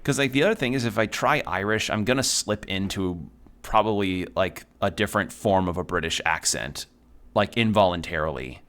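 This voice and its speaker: A man's voice: low voice, moderate pace, fairly bright tone. A young man streaming a video game, chatting casually and rambling, swearing often as he plays. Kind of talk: casual let's-play commentary.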